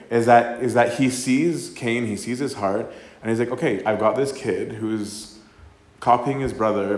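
A man preaches in an easy, chatty way, reading scripture aloud and then unpacking it in everyday words. His voice sits a little low. The room around him is echoey. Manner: conversational, tags lines with "right?", acts out voices. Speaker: priest giving a talk. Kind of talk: casual sermon with scripture reading.

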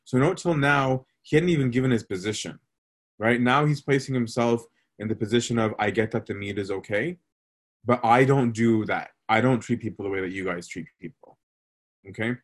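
Priest telling stories in a casual sermon. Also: male voice, medium pitch, moderate pace. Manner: casual storytelling with many fillers and "right?".

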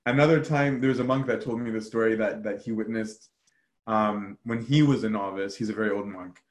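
A man's voice: fairly low pitch, fairly quick. A man casually telling monastery stories, full of fillers and acted-out quotes. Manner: animated storytelling, acts out quoted voices, frequent fillers. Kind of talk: casual storytelling talk.

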